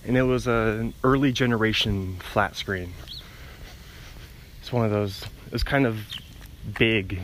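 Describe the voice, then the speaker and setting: Walking beside a road with his phone pressed to his ear, a young podcast host rambles solo, interrupting himself and laughing at where his thoughts wander. His voice sits on the low side, with a bit of background noise.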